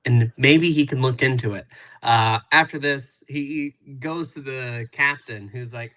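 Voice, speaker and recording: A man's voice: mid-range voice, unhurried, pushed and bright, rough recording. A male guest reviewer recapping a TV episode in casual chat, meandering with many fillers.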